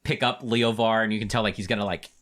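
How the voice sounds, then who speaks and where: A man's voice: on the low side, fairly even intonation, fast, a bit bright. A man narrating a tabletop game as game master, loose and full of filler words.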